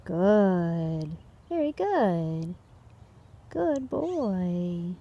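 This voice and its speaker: Woman trainer outside, slow lively praise for dogs, warm tone. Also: on the low side, lo-fi sound. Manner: short bursts of upbeat praise. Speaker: dog trainer.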